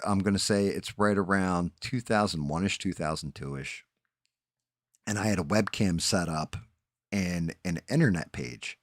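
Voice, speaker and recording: New man in his forties, very low voice, dry close sound, rambling profane storyteller. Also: no echo. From New Jersey. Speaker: streamer host. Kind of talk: casual storytelling chat.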